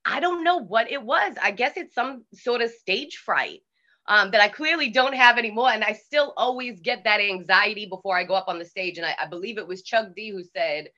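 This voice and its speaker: A woman with a Boston accent, a DJ telling stories in a casual interview, animated and swearing freely. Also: medium pitch, dull audio. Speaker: DJ guest.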